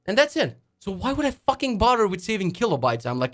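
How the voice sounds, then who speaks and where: A podcast host on web development rants casually in a high, sing-song voice. He swears a lot, often restarts his sentences, and mocks people in quick put-on asides.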